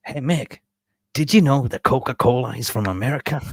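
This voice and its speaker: A man's voice: mid-range voice, fairly quick, gravelly, dry recording, clean studio sound, pitched above the performer's own voice. A man voicing a dim, naive redneck uncle from Texas, drawling and amazed. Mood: gushing. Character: loud redneck Texan uncle, middle-aged man, dim.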